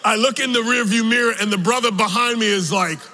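A man preaching a sermon, telling a personal story slowly with emotional swings, from the pulpit of a church. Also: sits high, background noise. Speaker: pastor. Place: church sanctuary. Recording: long reverb of a large hall.

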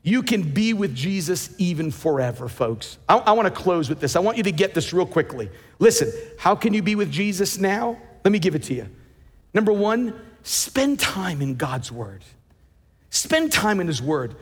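A man's voice: sits high, sing-song, normal speed, breathy edge, long reverb tail. A man preaching a sermon as pastor, emphatic and repeating words as he builds his points.

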